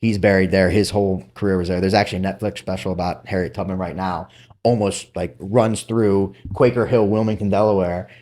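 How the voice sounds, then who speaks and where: Middle-aged male guest, low voice, animated storyteller, casual podcast chat. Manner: animated, quick asides, acts out quotes. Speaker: podcast guest, former Navy SEAL.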